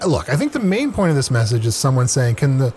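A man co-hosting an improvised comedy podcast, explaining things patiently in animated banter. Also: mid-range voice, fast. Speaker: podcast co-host.

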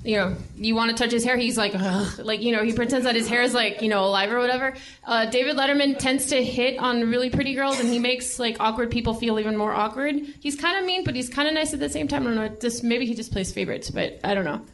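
A man's voice: very high voice, fast, a bit bright, slight background noise, pitched above the performer's own voice. A man doing a voice of a rambling, unsure young woman, full of fillers. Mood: gossipy.

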